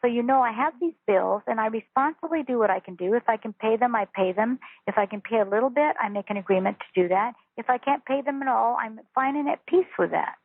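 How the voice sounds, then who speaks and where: A woman teaching spiritual ideas down a phone line, her voice gravelly and husky. She talks earnestly and emphatically, repeating phrases to drive them home. The sound is tinny and dry, like a phone call. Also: fairly high pitch, brisk, few pauses, dry recording. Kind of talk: phone interview.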